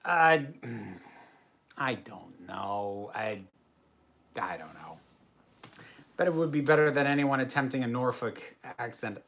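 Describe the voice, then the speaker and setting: A man's voice: medium pitch, creaky, sharp tone. A man hosting a casual livestream. He chats and answers viewer comments in a self-deprecating way. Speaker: host.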